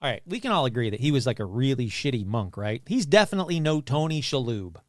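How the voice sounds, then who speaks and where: A man's voice: medium pitch, big pitch swings, fast, dry recording, studio quality. A man hosting a podcast, telling ghost stories casually with crude jokes and asides. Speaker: podcast host. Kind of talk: casual comedic storytelling.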